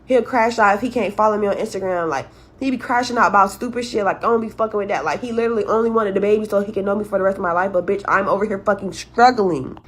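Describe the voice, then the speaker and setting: A young mother venting to camera about her child's father, exasperated and full of swearing. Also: medium pitch. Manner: profane, exasperated. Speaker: clip subject, young mother.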